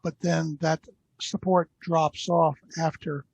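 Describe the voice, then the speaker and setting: A man adding a comment on a meeting call, measured and stressing key words. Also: on the high side, flat delivery, vocal fry, a little mellow, dry recording, dull audio. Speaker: association member on a call.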